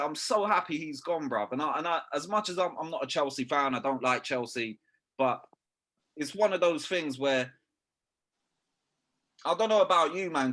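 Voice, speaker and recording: With a slightly high, fairly bright voice, this young podcast co-host chats casually about football. His talk is full of slang and swearing, and "bruv" comes up again and again.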